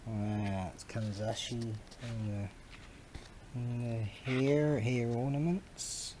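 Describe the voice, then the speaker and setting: A middle-aged man with an Australian accent rambles along in a relaxed vlog, dropping slang. He talks slowly at an ordinary pitch. A faint hum of noise sits under the voice. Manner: slangy, wandering, chuckling storyteller. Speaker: vlogger. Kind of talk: casual rambling commentary.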